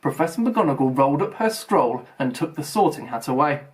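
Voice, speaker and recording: A man reading a novel aloud as an expressive storyteller. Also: on the high side, brisk. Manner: expressive storytelling, voices for characters. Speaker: audiobook reader.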